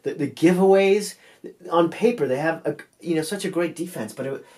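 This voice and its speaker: A man casually recapping hockey game results, halting with frequent ums and restarts, with a voice going tired and hoarse. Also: a little high, darkish tone. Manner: halting, many ums and restarts, offhand asides.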